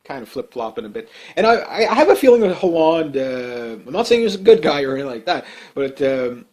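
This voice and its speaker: Guy ranting about politics off the cuff, kinda high voice, keeps restarting sentences, blunt about it. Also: big pitch swings, a little fast, a little mellow. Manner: rambling, with many fillers and restarts; blunt and emphatic. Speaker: political commentator.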